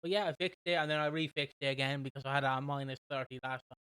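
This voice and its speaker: A young British man co-hosting a podcast, casually recapping a soap with a rambling, animated manner. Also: medium pitch, racing, clean tone, no room sound. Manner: rambling, animated retelling with quoted voices. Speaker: podcast co-host.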